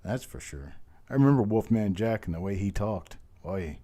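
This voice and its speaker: A hoarse man, his voice still recovering, hosting a live online coin auction in a folksy, chatty way and calling out bids over and over. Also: on the low side, lively intonation, moderate pace, mellow. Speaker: auctioneer host.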